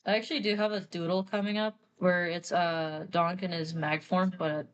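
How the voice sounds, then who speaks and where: A woman's voice: fairly low pitch, steady tone, moderate pace, muffled recording. A young woman artist chatting casually while drawing on stream, rambling through a story with lots of fillers.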